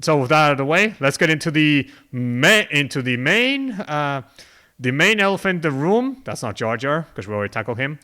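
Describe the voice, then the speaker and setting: Bright, clear-voiced man hosting a podcast. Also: fairly high pitch, sing-song, normal speed. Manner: chuckling, loose, with many restarts. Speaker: podcast host. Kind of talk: casual podcast discussion.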